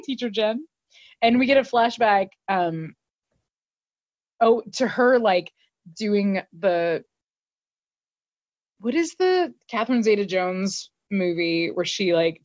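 A woman's voice: medium pitch, animated, slow pace, long pauses, no echo. A woman co-hosting a podcast, recapping an episode in casual, laughing, filler-heavy chat. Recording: dull lo-fi dry recording.

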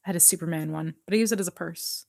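A woman's voice: fairly low pitch, very fast, gravelly, darkish tone, dry recording. Chatty woman podcast host, dry sound. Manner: chatty, many fillers, reads an article aloud. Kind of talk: casual chat recapping a TV episode.

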